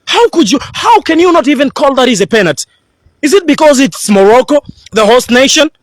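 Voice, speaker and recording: A man delivers a furious video rant, swearing and hammering the same accusations. His voice sits very high for a man, and the recording is dry and close. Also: very animated, brisk, no echo. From Tanzania.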